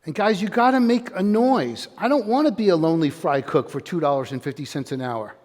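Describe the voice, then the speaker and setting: Firing questions at listeners and urging their participation, an older man with a fairly high voice gives a lively, brisk motivational talk. His voice echoes with a long hall reverb, suggesting a large room.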